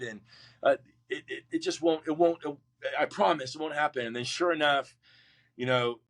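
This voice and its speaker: A man's voice: on the high side, moderate pace. A middle-aged man, a Marine veteran guest, telling his life story in an interview, acting out the voices of people in it. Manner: animated, acts out quoted voices, frequent restarts.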